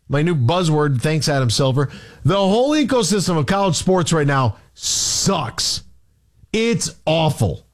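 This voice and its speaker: Fired-up male sports radio host, high and animated, ranting. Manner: exasperated, rhetorical questions. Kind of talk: heated sports talk rant.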